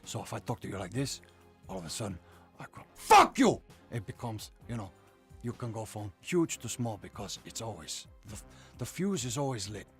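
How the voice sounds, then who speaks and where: A man, an actor, talking intensely in an interview, with a gravelly, husky voice. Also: fairly low pitch, lively intonation, brisk, darkish tone, faint music behind. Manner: intense, sudden outbursts of profanity. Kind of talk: animated interview talk.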